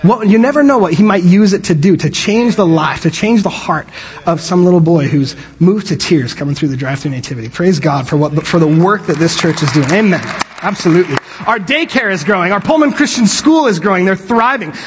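A man preaching a sermon from a church stage, animated and joking, often restarting his sentences. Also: high voice, brisk, in a large hall, a little hiss or hum. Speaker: pastor. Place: church sanctuary.

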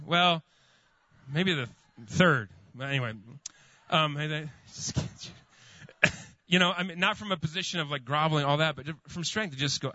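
A man's voice: fairly high pitch, moderate pace, sharp tone, no room sound. A man preaches a sermon, telling a long personal story full of fillers and restarts. His voice is dry and close. The sound is slightly muffled. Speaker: pastor.

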